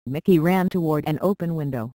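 A narrator reading a children's storybook aloud with a steady, even delivery. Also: medium pitch, a little fast, no room sound, rough recording.

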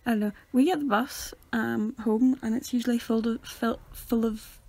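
A young woman talks softly on a podcast. Her voice is fairly high but has a strong gravelly fry. She laughs often at herself, and the sound is close and dry. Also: steady tone, moderate pace, no room sound. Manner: soft-spoken, self-deprecating, laughs often. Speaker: podcast co-host. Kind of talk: casual chat.

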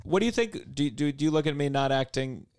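A man in his thirties hosting a podcast, telling stories in a casual, animated way and acting out quotes. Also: on the high side, a little fast, very noisy. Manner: animated storyteller, acts out quotes with swearing. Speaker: podcast host, comedian.

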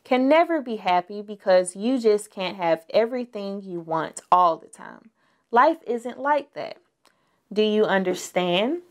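A woman's voice: medium pitch, lively intonation, measured pace, lightly acted. A woman voicing an angry, blustering father bear in a read-aloud storybook, roaring and scolding. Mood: stern.

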